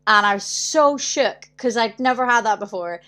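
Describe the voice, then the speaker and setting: A woman's voice: fairly high pitch, normal speed, sharp tone. A young woman chatting casually on her livestream, telling stories in a chatty way, acting out other people's voices and laughing often. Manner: chatty storytelling, acts out quoted voices, frequent laughs. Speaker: singer hosting her weekly livestream.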